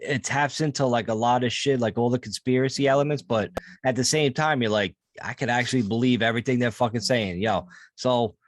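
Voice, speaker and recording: A man's voice: medium pitch, no room sound, studio quality. Ranting New podcast guy. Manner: ranting, profane, joking. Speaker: podcast co-host. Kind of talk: casual chat.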